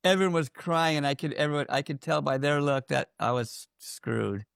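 A man giving a candid personal account in an interview, halting, with many fillers and restarts. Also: on the high side, creaky, fairly bright tone, no room sound, studio quality.

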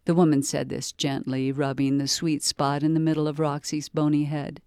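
A woman librarian reads the opening page of a novel aloud in a calm, measured way. Her voice sits low for a woman. The sound is dry and close, with almost no room echo. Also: clear, resonant tone. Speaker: librarian reading a book excerpt. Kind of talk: read-aloud book narration.

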